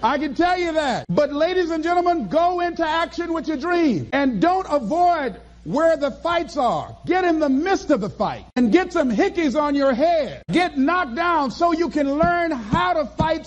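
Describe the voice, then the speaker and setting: A man giving an emphatic, preacher-like motivational speech to a live audience, stretching key phrases. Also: very high voice. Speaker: motivational speaker.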